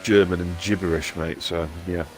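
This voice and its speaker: A man giving relaxed, jokey co-commentary on an esports race. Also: low-pitched, normal speed, slight background noise. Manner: joking, laid-back banter.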